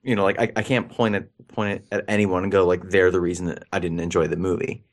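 A man's voice: sits low, flat delivery, quick pace. A man co-hosting a podcast, chatting casually, joking and stammering over repeated words. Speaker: podcast co-host. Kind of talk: casual chat.

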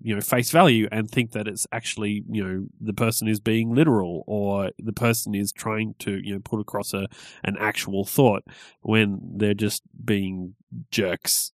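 A man's voice: on the low side, flat delivery, normal speed, no echo, studio quality. A man co-hosting a podcast, talking thoughtfully in a casual chat, with lots of hesitations and fillers. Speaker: podcast co-host.

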